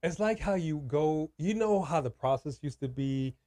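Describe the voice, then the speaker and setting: A man's voice: fairly high pitch, animated, moderate pace, dark tone, no room sound, studio quality. A man co-hosting a casual live watch-party stream, ranting emphatically and repeating his points. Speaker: co-host.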